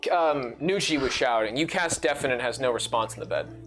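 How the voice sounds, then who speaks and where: A man's voice: medium pitch, lively intonation, brisk, a bit bright. A man running a tabletop game as dungeon master, talking casually with lots of fillers and restarts.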